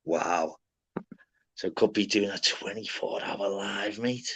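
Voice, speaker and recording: A man's voice: on the low side, takes it slowly, a bit bright, breathy edge. A man in casual chat who swears constantly, calls everyone lad and mate, and rambles bluntly. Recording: slightly dull lo-fi audio.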